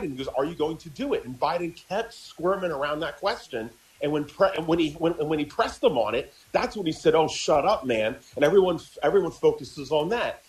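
A man's voice: a little high, rough recording. A man co-hosting a political talk radio show, arguing his point in casual talk while stammering and repeating words.

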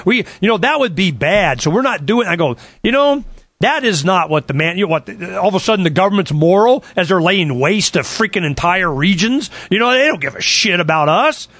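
A man telling a long story in an excited, sarcastic rant, acting out what others said to him. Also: high-pitched, a little fast, no echo. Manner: excited, sarcastic, quotes others in retold dialogue. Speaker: political campaigner.

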